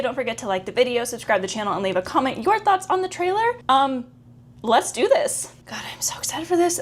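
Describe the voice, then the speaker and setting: A young woman hosting an excited anime reaction vlog, gushing and talking fast. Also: a little high. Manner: bubbly, gushing, gasps and squeals of excitement.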